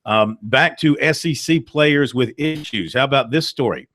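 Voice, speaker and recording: A man's voice: mid-range voice, moderate pace, fairly bright tone, dry recording. A man hosting a sports talk radio show, reading out news items with fillers.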